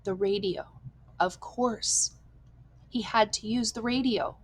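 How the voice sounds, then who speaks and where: A woman's voice: mid-range voice, takes it slowly, slight background noise, rough recording. Woman narrating a tense audiobook. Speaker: audiobook reader. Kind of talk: scripted narration.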